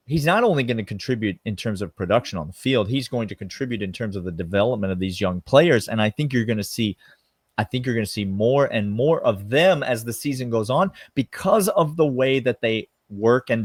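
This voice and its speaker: A man, co-hosting a casual sports podcast in an emphatic, animated way. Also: mid-range voice, brisk, breathy edge, no echo. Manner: emphatic, animated, drawls "y'all". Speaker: podcast co-host.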